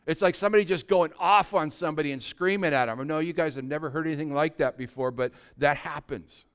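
A man preaching a conversational sermon as pastor, dropping to a soft, quiet voice when acting out gentle words. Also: fairly high pitch, fast talker, clear, resonant tone. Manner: conversational preaching, drops to a soft voice for imagined dialogue.

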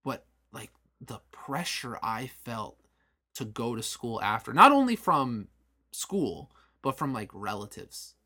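A man in his late twenties co-hosting a podcast, talking casually and animatedly, with frequent swearing. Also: medium pitch. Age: late 20s. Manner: animated, swearing, quick asides. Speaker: podcast co-host. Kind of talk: casual chat.

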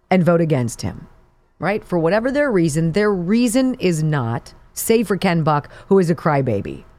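A woman's voice: mid-range voice, darkish tone, no room sound. Combative sarcastic woman talk radio host. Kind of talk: political talk radio monologue.

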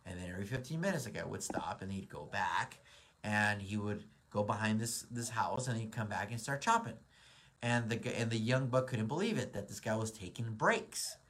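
A man's voice: fairly low pitch, animated, normal speed, fairly bright tone, a little hiss or hum. A man in his forties, a real estate broker, giving a casual motivational talk with lots of ums and restarts. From Southern California. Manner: rambling, many ums and restarts.

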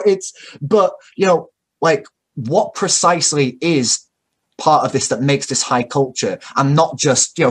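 A man's voice: fairly high pitch, slightly rough. A man talking at length in a casual, opinionated way, full of fillers and restarts and the odd swear word. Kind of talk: casual discussion.

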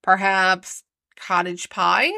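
A reserved, secretive household cook, put on by a woman reading a story. She answers in short, evasive phrases. The voice is bright and close, with a dry sound. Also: medium pitch, little pitch movement, takes it slowly, gravelly, no room sound, full character voice. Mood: guarded. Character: strange reserved woman cook, terse and guarded.

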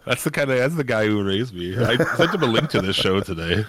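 A man's voice: on the low side, animated, brisk, a bit bright, no room sound. A middle-aged man hosting a podcast, rambling and swearing a lot, laughing as he goes. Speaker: podcast host. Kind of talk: casual chat.

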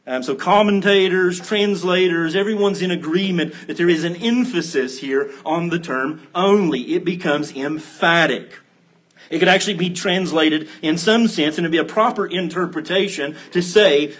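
A man delivering an earnest, emphatic sermon. His voice sits a bit high for a man and has a husky, breathy edge. He leans on key phrases by slowing right down. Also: fairly bright tone. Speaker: pastor.

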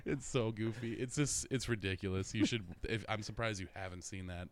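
A man's voice: lowish voice, steady tone, normal speed, hardly any pauses. A man co-hosting a casual podcast, reading out listener comments, laughing often and swearing freely. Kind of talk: casual chat.

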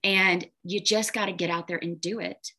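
A woman business coach talking casually in an interview, animated, acting out the voices in her head. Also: fairly low pitch, normal speed. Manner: animated, acts out quoted inner voices.

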